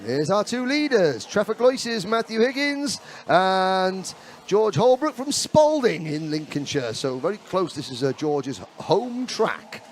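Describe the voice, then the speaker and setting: A man giving live kart race commentary, chatty and excitable, breaking into rapid bursts as the action heats up. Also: high-pitched, slight background noise.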